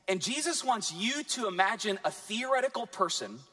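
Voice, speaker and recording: Male pastor, high voice, lively sermon delivery with dramatic pauses. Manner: animated preaching with dramatic pauses.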